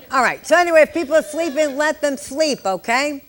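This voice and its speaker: A woman's voice: high voice, animated, moderate pace, a bit bright, slight background noise. Joking older woman lecturing nurses. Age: 60s. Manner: joking, chatty asides to the class. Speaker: nurse educator. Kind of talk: live exam-prep lecture.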